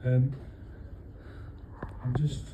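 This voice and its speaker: Halting, deadpan man making a speech. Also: mid-range voice, background noise. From London. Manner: deadpan comic timing, halting with fillers. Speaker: husband giving a birthday speech. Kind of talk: humorous speech to friends. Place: restaurant dining room with guests. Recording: echoey room, voice from far off. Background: guests laughing.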